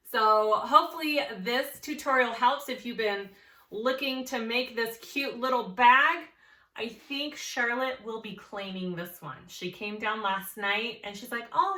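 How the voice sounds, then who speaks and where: A woman's voice: on the high side, sharp tone. A woman hosting a casual sewing tutorial, chatting as she goes over her pieces and correcting herself along the way. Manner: chatty, thinking aloud, self-correcting. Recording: echoey room, faint background noise.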